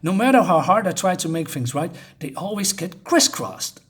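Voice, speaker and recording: A man's voice: sits high, sing-song, normal speed, voice pushed up. A man reading aloud the lines of an anxious young woman who is eager to please, in a pleading, apologetic way. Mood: dejected.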